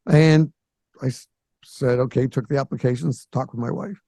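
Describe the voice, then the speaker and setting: A man in his sixties hosting a podcast, telling a story in a lively way and acting out the voices of the people in it. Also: mid-range voice, moderate pace, gravelly, no room sound. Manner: animated storyteller who acts out quoted voices. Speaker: podcast host. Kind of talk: casual storytelling.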